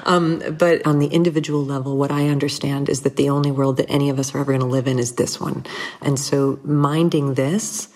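Very low-voiced woman, reflective guest. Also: steady tone, fairly quick. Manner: thoughtful, candid, laughs softly between thoughts. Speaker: interview guest. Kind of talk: reflective conversational interview.

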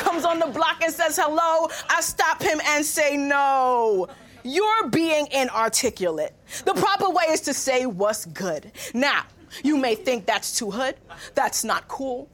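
A woman's voice: very high-pitched, fairly bright tone. A young woman performing a spoken word poem on stage, with a rhythmic, rhyming delivery that moves between registers. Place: stage before a live audience.

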